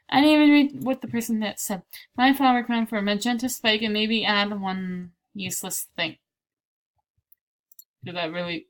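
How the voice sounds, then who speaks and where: A woman's voice: medium pitch, measured pace, pauses often. A slightly sick woman chatting playfully through a casual gameplay commentary, slipping into whispered asides. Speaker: gameplay video creator.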